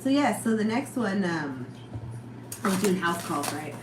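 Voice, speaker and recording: Woman co-host, relaxed chat, echoey room with audible background noise. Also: medium pitch, measured pace. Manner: relaxed, conversational, prompts with questions. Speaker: podcast co-host. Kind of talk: casual storytelling chat.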